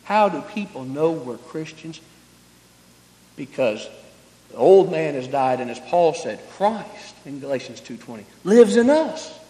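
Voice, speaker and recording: A man preaching a sermon, rising to loud emphatic passages and falling to quiet, close tones. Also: medium pitch, lively intonation, unhurried. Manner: preaching with swelling emphasis, then dropping to soft intimate tones. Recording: long hall reverb.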